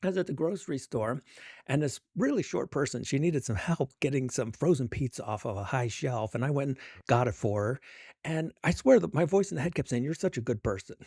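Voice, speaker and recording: A man's voice: medium pitch, animated, brisk, gravelly, darkish tone, breathy edge, no room sound, studio quality. A middle-aged man, an author being interviewed, talking in a chatty, self-amused way with lots of fillers. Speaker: author and guest. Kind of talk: casual interview conversation.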